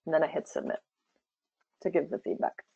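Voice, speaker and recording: A woman's voice: huge pitch swings, fairly quick, creaky, dark tone, breathy edge, dry recording. A woman presenting a live product demo, talking it through casually with fillers as she goes. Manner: chatty, thinking aloud with fillers. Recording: dull low-fidelity sound.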